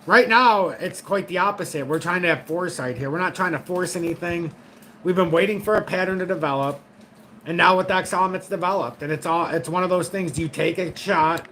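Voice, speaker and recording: A man's voice: high-pitched, a little fast, sharp tone, slight background noise, rough recording. A middle-aged man hosting a crypto trading channel, giving blunt, profane, frank market commentary straight to his viewers.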